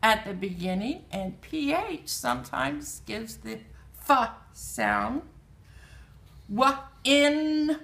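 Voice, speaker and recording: A woman teacher giving an early reading lesson to children, slowly sounding out letter sounds. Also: a little high, sing-song, creaky, a bit bright.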